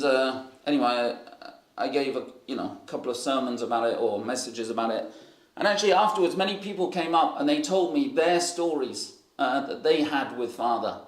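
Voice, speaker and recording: In an echoey room, a man with a somewhat high voice preaches and tells stories. The delivery is loose and rambling, packed with fillers and false starts.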